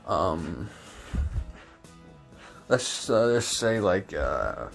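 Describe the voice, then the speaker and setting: A man's voice: deep voice, very animated, drawn-out words, vocal fry, soft background music. A man improvising a fan-fiction story, rambling with many fillers and self-corrections.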